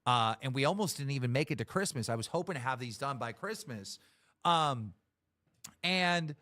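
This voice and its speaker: A man's voice: medium pitch, animated, moderate pace, bright, forceful tone. A man hosting a live stream, ranting in an exasperated, complaining way with plenty of swearing. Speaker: show host.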